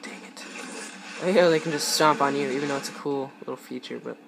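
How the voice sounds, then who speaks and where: A man's voice: mid-range voice, steady tone, fairly quick, creaky, rough recording. A young man giving rambling, hesitant live commentary while playing a shooter game, with game noise behind him. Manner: rambling, hesitant, many ums. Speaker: gaming YouTuber.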